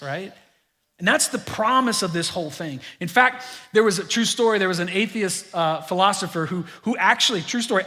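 A middle-aged man preaching a sermon to his congregation, animated and joking with them in asides. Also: high-pitched. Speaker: pastor. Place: church sanctuary. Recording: long reverb of a large hall.

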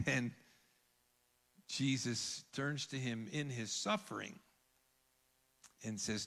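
A man preaching a sermon as pastor, earnest, rising to emphatic peaks and dropping to hushed lines. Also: mid-range voice, lively intonation, slow pace, creaky, long pauses, big-room sound. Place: church sanctuary.

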